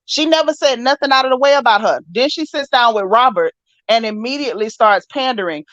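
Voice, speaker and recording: A woman's voice: a little high, brisk, fairly bright tone, no room sound. A woman hosting a casual reality-show recap chat, talking in an indignant, emphatic way and repeating phrases for emphasis. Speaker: host. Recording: muffled lo-fi dry sound.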